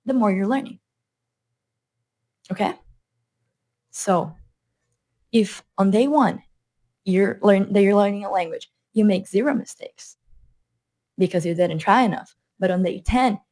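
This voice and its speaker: A woman's voice: mid-range voice, a little mellow. Earnest woman with a non-native accent. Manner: earnest, repeats points for emphasis. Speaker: language coach. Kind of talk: motivational talk to camera.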